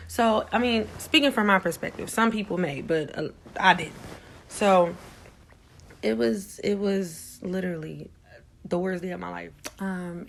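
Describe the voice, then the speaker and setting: A young woman telling her own story in a candid, blunt way, swearing freely and getting animated at the intense parts. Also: on the low side, creaky. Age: young adult. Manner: animated, rising loud when recounting shock. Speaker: vlogger sharing her story.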